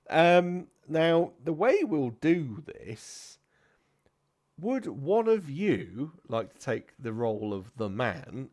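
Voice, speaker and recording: A man's voice: medium pitch, darkish tone. A man narrating as game master of a tabletop game, rambling with fillers and self-corrections.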